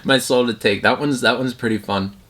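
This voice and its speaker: A man's voice: medium pitch, fairly quick, fairly bright tone. Rambling man in a casual vlog. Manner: rambling, full of fillers and restarts. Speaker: collector reviewing his movie collection. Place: at home.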